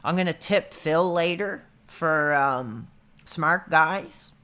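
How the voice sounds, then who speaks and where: Laid-back bright-voiced man streaming. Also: a little high, slow, clear, resonant tone. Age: 30s. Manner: rambling, laid-back, says dude a lot. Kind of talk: casual livestream chat.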